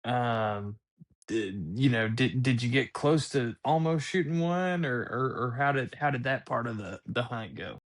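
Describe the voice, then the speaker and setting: A man co-hosting a podcast, asking a guest questions in a halting way with many restarts. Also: mid-range voice, animated. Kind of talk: casual interview chat.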